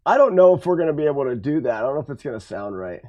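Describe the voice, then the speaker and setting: A man casually thinking aloud while working on his game, halting, self-correcting, and musing. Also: medium pitch, sing-song, dark tone, dull audio. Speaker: game developer streaming his work.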